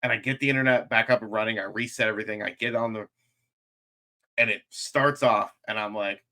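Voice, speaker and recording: Bright-voiced man telling animated stories. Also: lowish voice, a little fast. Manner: animated storyteller, acts out quotes. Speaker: podcast host. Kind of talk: casual podcast chat.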